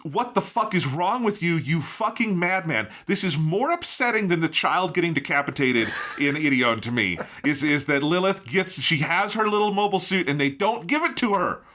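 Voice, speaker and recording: A man co-hosting an anime review podcast in casual chat, excitable and given to swearing and mock outrage. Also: a little high, moderate pace, few pauses. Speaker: podcast co-host.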